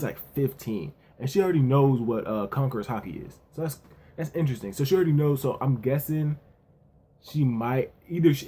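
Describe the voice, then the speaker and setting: A man's voice: mid-range voice, breathy edge. A man giving a casual, loose spoken recap as a reviewer, leaning on fillers and repeating himself, sometimes raising his voice to act out characters' lines. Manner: relaxed, repetitive, with frequent verbal fillers; acts out characters' lines in a lightly raised voice. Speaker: anime and manga reviewer.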